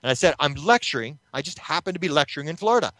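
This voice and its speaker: A man being interviewed, telling a long story with animated retelling, acting out the voices of the people in it. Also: fairly high pitch, racing, dry recording. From Canada. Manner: animated retelling that acts out quoted voices, with restarts. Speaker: interview guest, UFO researcher.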